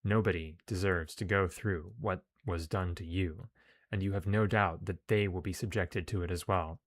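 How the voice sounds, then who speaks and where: A man's voice: sits low, fairly even intonation, moderate pace, no echo, studio quality. A man reading game text aloud as narration, with casual, sometimes profane asides. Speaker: game streamer.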